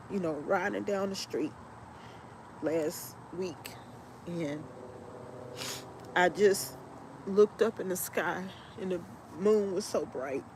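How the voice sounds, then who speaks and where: A tearful woman shares a personal story on her podcast, speaking very slowly and haltingly with heartfelt emotion. Her words come out in broken pieces, and steady background noise sits under her voice. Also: fairly low pitch. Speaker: podcast host.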